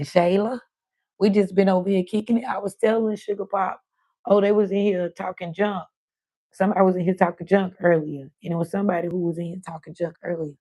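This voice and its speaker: A woman's voice: fairly low pitch, dark tone. A woman hosting her own live stream, chatting casually and talking straight to her viewers. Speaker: livestream host.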